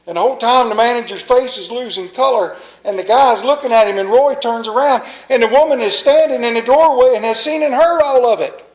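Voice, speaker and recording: Mid-atlantic pastor guy, highish voice, folksy storytelling sermon. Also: brisk, few pauses, rough recording. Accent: Mid-Atlantic American. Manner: folksy storyteller, lively delivery of jokes. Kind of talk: sermon with joke and scripture reading. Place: church.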